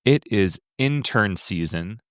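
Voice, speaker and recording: A man's voice: fairly low pitch, expressive, takes it slowly, no echo. A man in his thirties from the United States co-hosting a podcast in casual chat, with a dry, teasing wit. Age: 30s. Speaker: podcast co-host.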